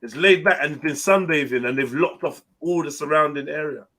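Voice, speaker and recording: A man hosting a livestream, talking in animated, slang-heavy banter with friends. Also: on the high side, moderate pace, no echo. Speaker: livestream host. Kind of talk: casual group chat.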